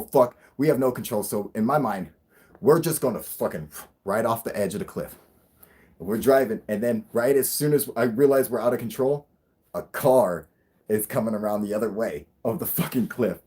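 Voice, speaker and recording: Husky, foul-mouthed man telling stories. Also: on the low side. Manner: swears constantly, excitable storyteller. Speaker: live-stream co-host. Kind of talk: casual live-stream chat.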